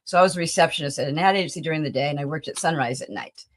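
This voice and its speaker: Animated older woman telling stories. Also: sits low, rapid-fire. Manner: animated storyteller who acts out the people in her stories. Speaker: talent agency founder, podcast guest. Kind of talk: anecdotal interview storytelling.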